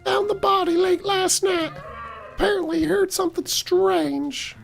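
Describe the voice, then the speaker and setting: A shrill, sarcastic noir cop. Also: male voice, a little slow, creaky, faint music behind, exaggerated voice. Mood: snarky. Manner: snarky, deadpan put-downs. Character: shrill sarcastic police officer, animal noir world. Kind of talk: voicing game dialogue.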